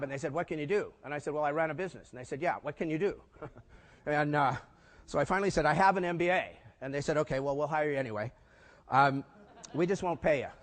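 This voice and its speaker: An older man speaks to a live audience at a conference, his slightly higher voice carrying through a large hall with a long reverb. He tells stories in a lively way, pausing to quiz the crowd with rhetorical questions. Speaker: keynote speaker. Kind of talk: storytelling conference talk.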